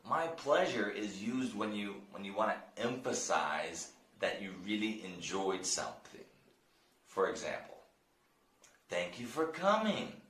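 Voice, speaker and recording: An American man teaching English, explaining phrases and modeling them slowly for learners. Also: on the low side, a bit bright. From United States. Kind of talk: language lesson. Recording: roomy echo.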